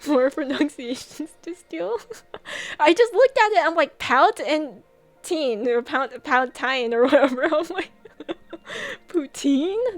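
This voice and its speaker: Giggly young woman streamer chatting. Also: on the high side. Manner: rambling and giggly, reading chat aloud. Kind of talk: casual chat with viewers.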